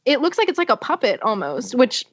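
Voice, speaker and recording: A young woman co-hosting a podcast in casual chat, reacting with quick interjections and easy laughter. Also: on the high side, very animated, dull audio. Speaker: podcast co-host.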